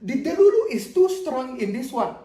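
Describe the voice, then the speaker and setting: Deadpan mocking reaction commentator. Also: high voice, normal speed, roomy sound, far from the mic. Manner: mocking, deadpan quips with slang.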